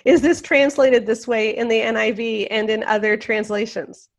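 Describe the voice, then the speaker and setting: A woman's voice: on the high side, fairly even intonation, normal speed. A woman hosting an interview, asking clarifying questions and restating the guest's points plainly. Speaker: interviewer host.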